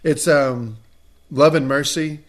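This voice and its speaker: A man's voice: on the high side, slow pace. A man co-hosting a casual podcast chat, animatedly retelling film scenes and acting out the lines. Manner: animated storyteller, acts out movie quotes. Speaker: podcast co-host.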